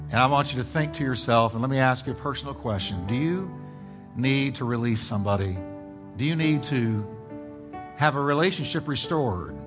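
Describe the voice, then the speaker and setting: A middle-aged man preaching as a pastor, with sweeping swings in pitch and emphatic build-ups. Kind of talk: sermon. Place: church sanctuary.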